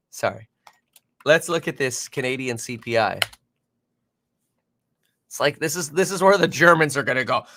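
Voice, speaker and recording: A finance livestream host with a mid-range, fairly bright voice gives live market commentary off the cuff, reacting to headlines and viewer comments with plenty of fillers and self-corrections. The recording is dry.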